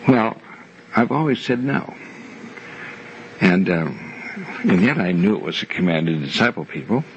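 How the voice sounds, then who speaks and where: A man's voice: low voice, lively intonation. Older man teaching a Bible class. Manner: measured, repeats key phrases for emphasis. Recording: muffled lo-fi recording with faint hiss.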